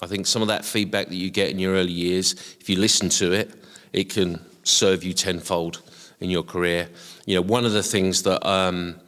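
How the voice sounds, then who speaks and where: A middle-aged man with a softened Essex estuary accent and a very low voice, talking over his career in a hesitant way full of ums and restarts. The voice rings out with a long reverb tail. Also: little pitch movement, moderate pace. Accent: softened Essex estuary English. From Essex, England. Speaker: guest, HR professional. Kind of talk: casual reflective interview talk.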